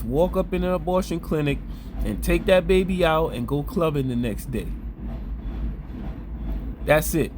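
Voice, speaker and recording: A man's voice: fairly high pitch, a little mellow, slight background noise. A man giving ranting commentary mixed with scripture reading, rambling with many fillers and restarts, crude and preachy. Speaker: online commentator.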